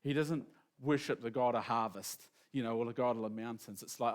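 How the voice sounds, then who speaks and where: A man preaching a sermon in a casual, animated storytelling manner, acting out quotes as he goes. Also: medium pitch, brisk.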